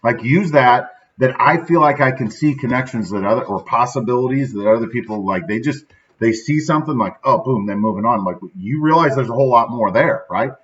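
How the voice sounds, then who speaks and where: A man's voice: mid-range voice, expressive, fairly quick, fairly bright tone. A man in his thirties from central Illinois, who hosts a daily motivational show in a rambling, upbeat way and often tags on "right?". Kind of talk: casual motivational talk. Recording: slightly dull, lo-fi sound.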